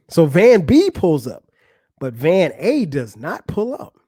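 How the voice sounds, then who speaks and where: Podcast guy spinning a wild story, lively swooping voice, kinda high, dry close sound. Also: takes it slowly, long pauses, husky, dry recording. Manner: animated, profane, acts out other people's lines. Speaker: podcast host. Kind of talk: storytelling monologue.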